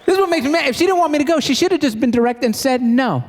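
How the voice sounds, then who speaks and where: A man performing stand-up comedy, telling animated, mock-exasperated stories on a stage mic before a live audience. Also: extremely high pitch. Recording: live crowd and noise.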